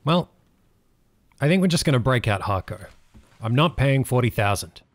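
A man hosting a gaming channel, giving excitable let's play commentary and laughing often. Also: medium pitch, normal speed. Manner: excitable, laughs often, yells when things go wrong.

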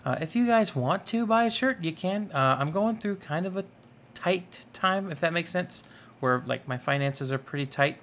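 A young man giving casual, rambling commentary over a modded block-building game, excitable and full of fillers. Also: high voice, normal speed, slight background noise. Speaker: gaming YouTuber. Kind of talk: casual Minecraft let's play commentary.

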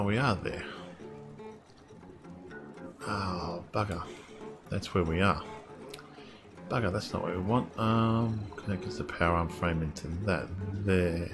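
A man with a very deep, low-pitched voice talks through a game as he plays, rambling and thinking aloud in a casual way. Guitar music plays clearly in the background. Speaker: gamer streaming his play. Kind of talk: casual let's-play commentary.

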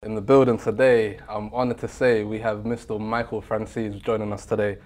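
A man's voice: fairly low pitch, level tone, brisk, a little mellow. A young man hosting a podcast, interviewing his guest in an eager, deferential way and often hedging his questions. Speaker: podcast host.

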